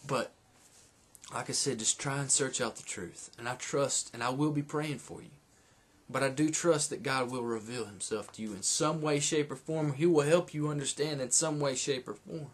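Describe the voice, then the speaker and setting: A man holding back tears, talking slowly and sincerely as he pleads with a viewer in a webcam video response. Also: medium pitch. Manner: slow, sincere and pleading, with frequent restarts. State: tearing up. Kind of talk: earnest personal appeal to a viewer.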